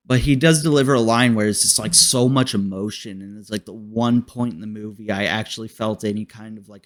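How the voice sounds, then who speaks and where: A man's voice: lowish voice, a bit bright. A man hosting a casual podcast, reviewing a movie in a rambling, profane way and laughing often. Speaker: host.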